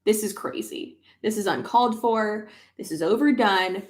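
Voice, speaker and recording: A woman's voice: medium pitch, expressive, unhurried, few pauses, roomy sound. Chatty young woman vlogging casually. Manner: chatty, swears casually, many fillers. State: pregnant. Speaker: YouTuber. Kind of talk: casual livestream chat.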